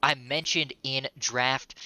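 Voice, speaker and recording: A man's voice: medium pitch, steady tone, slow pace, pushed and bright, a little hiss or hum. A man giving emphatic, analytical color commentary on an esports match.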